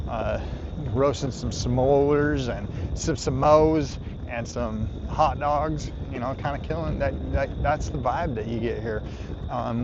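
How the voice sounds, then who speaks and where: A man in an easygoing vlog, rambling along with plenty of fillers and little laughs while he rides through a campground. His voice sits at an ordinary middle pitch. Steady outdoor noise runs under him the whole time. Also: lo-fi sound. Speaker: RV travel vlogger. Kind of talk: casual vlog narration. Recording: noisy outdoor recording. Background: outdoor ambience and noise.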